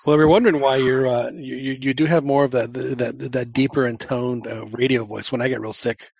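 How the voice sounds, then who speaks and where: A man's voice: mid-range voice, fairly even intonation, fairly quick, creaky, hardly any pauses, a little mellow, husky, no room sound. A man hosting a casual football podcast, speaking in a friendly, hesitant way with lots of fillers and restarts. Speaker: podcast host. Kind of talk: casual chat.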